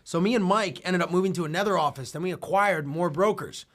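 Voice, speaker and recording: A man's voice: high voice, brisk, a bit bright. A young man telling stories in a casual podcast chat, rambling and swearing with lots of filler words. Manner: rambling, profane, heavy use of filler like. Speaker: entrepreneur guest.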